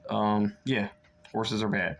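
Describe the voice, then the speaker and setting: A man's voice: lowish voice, fairly even intonation, slow pace, gravelly. A young man chatting casually through a book review, rambling with lots of fillers and restarts.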